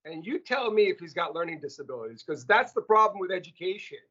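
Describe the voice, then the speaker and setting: A man's voice: sing-song, fast, sharp tone, full character voice. A man voicing his proud older Greek father, lecturing teachers in a heavy Greek accent. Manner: booming, lecturing, insistent. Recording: muffled lo-fi audio.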